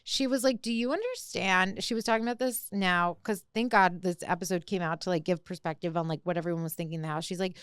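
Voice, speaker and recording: A young woman talks through a reality show with a co-host in loose, animated chat, quoting people as she goes. Her voice is smooth and clear. It sits close and dry on the mic. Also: fairly low pitch, quick pace, hardly any pauses, no room sound. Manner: animated recapping, heavy use of "like". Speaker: podcast co-host. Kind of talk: casual chat.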